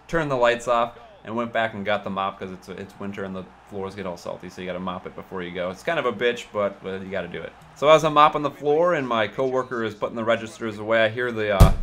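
A man's voice: on the low side, noisy background. A man casually telling a story from his time as a liquor store clerk, sarcastic and profane.

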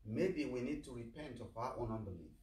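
A man's voice: mid-range voice, animated, a little fast, a little mellow. A male priest giving a sermon in a plain, earnest way, putting questions to his listeners. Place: chapel of a medical center. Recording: echoey chapel, mic far off.

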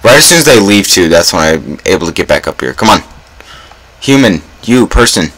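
A young man talks through a game in a very low, deep voice. His commentary is casual and self-mocking, peppered with groans and sudden dramatic exclamations. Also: sing-song, fairly quick, fairly bright tone, slight background noise, rough recording. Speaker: gaming YouTuber.

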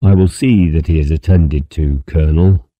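A man's voice: very deep voice, moderate pace, no room sound, highs cut off. Man as a grave ship captain. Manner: grave, formal.

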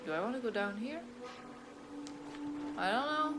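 A woman streamer narrating a game she plays for the first time, fretting out loud and cursing at it. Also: a little high, expressive, moderate pace, heavy background noise. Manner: swears often and frets loudly at the game. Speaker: gaming streamer. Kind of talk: blind let's play commentary. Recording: loud game music behind voice.

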